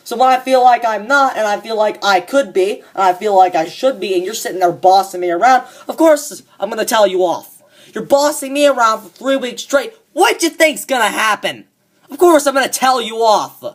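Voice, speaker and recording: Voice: medium pitch, lively intonation, normal speed, lightly acted. A fan performer voicing a cocky young man who rants smugly and swears a lot about a coworker, in a comedic monologue. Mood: ranting. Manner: ranting, profane and smug.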